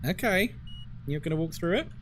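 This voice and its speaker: A man talks to his live viewers while playing a ghost-hunting game, his fairly high voice swinging widely in pitch. He chats, rants and swears freely. A faint hum of noise sits behind him. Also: lively intonation, fairly quick. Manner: chatty, ranting, swears and laughs often. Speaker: horror game streamer. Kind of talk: casual live-stream commentary.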